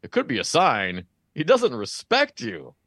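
A man's voice: medium pitch, wildly swooping pitch, measured pace, fairly bright tone, husky, dry recording, clean studio sound. Wry joking man in casual chat. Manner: wry, joking, mock-acts quotes, restarts words. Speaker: podcast co-host.

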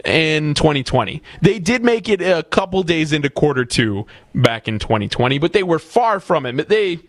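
A man co-hosting a casual political talk show, speaking in a measured way and restarting with repeated words. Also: on the high side, big pitch swings, dry recording.

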